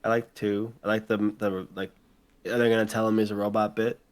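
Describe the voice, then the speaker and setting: A man's voice: fairly low pitch, little pitch movement, a little fast. A man co-hosting a casual podcast who complains bluntly. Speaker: podcast co-host. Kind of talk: casual chat.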